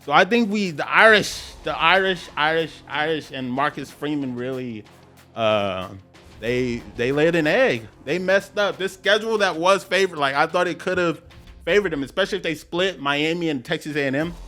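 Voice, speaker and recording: A man with a New Orleans accent hosting a casual sports podcast, rambling and repeating himself, with sudden animated outbursts. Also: on the high side, moderate pace, faint music behind. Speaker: podcast host.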